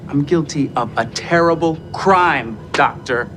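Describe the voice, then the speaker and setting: A man's voice: on the high side, measured pace, fairly bright tone, a little hiss or hum. An actor playing a hurt young male engineer who turns his hurt into accusation, in a TV drama scene. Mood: wounded, bitter. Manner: wounded, accusing. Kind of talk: TV drama acting.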